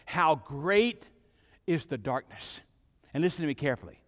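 A man's voice: fairly high pitch, a bit bright. Emphatic middle-aged male pastor preaching. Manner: emphatic preaching with dramatic pauses and swelling intensity. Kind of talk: sermon. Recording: long hall reverb.

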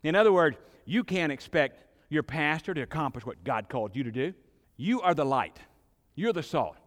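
A middle-aged man preaching a sermon as pastor, emphatic, with dramatic pauses and swelling intensity, in a church sanctuary. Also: on the high side, very animated. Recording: long hall reverb.

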